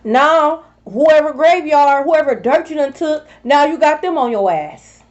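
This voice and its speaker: In a lo-fi vlog, a woman tarot reader scolds her rivals in a sassy, profane monologue with a confrontational spiritual bent. Her voice is high-pitched and she speaks a little slowly.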